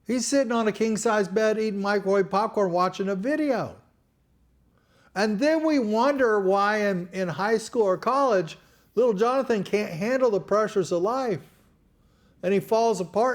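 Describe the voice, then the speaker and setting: High-voiced man preaching a folksy sermon. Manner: earnest, folksy, repeats words and restarts.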